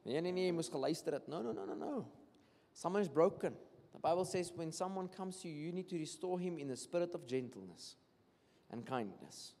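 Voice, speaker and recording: A man's voice: a little high, moderate pace. A man with a South African accent preaching a sermon, telling stories and acting out what people say. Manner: switches between English and Afrikaans, animated storytelling with acted-out quotes. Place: church hall. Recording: long hall reverb.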